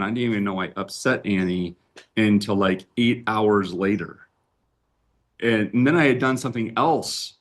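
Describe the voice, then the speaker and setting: A man's voice: fairly low pitch, fairly bright tone. A man hosting a relationship talk, telling stories casually and often checking in with "right?". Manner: storytelling, often tags lines with "right?". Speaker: relationship coach and host. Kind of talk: casual conversation. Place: live-streamed talk.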